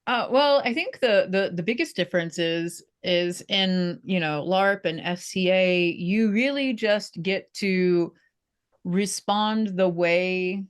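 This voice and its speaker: Chatty young woman, slightly low voice. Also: clean tone. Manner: chatty, self-deprecating, with quick restarts. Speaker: theater performer being interviewed. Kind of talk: casual interview.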